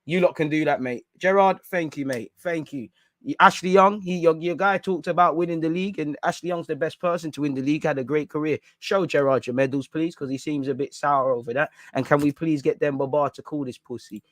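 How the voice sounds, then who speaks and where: A young man hosting a live football reaction stream, ranting loudly and mockingly in street slang. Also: on the high side, steady tone, fairly quick, dry recording, clean studio sound. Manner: loud, mocking, slangy, reads quotes aloud sarcastically. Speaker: football fan channel host.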